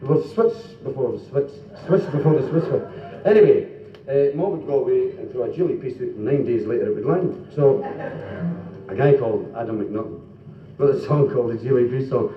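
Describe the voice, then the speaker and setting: A Scottish man telling quick jokes in a live stand-up set, slipping into comic voices and asides. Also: medium pitch. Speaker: stand-up comedian and singer. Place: club function room before a live audience. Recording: 1970s live club recording, roomy, dull, from far off.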